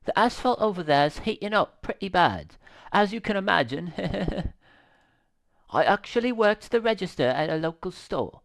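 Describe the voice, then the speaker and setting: A man's voice: high voice, very animated, normal speed, creaky, voice pushed up, full character voice. Man doing a timid young woman, stammering, apologetic, lilting ups and downs, reading game dialogue. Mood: pleading. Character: timid young woman drifter, pleading for shelter.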